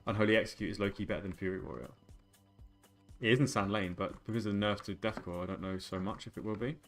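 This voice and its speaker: A man's voice: lowish voice, fast talker, faint music behind. A man in his twenties streaming a game, chatting casually and joking and rambling with his viewers. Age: 20s. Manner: joking, rambling banter with chat. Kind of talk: casual live-stream chat.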